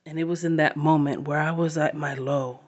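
A woman sharing a personal story to camera, halting and heartfelt, with long pauses. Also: deep voice, steady tone, darkish tone, lo-fi sound.

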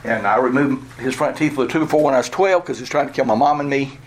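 A man's voice: mid-range voice, fast talker, slight background noise. A man from Georgia, preaching a sermon through a candid personal story and chuckling at himself. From Georgia, USA. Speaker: pastor.

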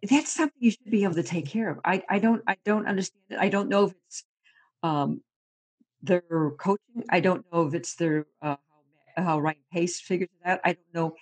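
A woman sports reporter chatting casually and telling animated stories, laughing often and repeating words as she goes. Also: fairly low pitch, fairly quick, breathy edge.

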